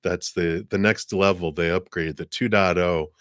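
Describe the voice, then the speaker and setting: Deep-voiced man giving chatty tarot readings. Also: fairly even intonation, normal speed, fairly bright tone, dry recording, studio quality. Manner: upbeat and chatty, often clears his throat. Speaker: tarot reader.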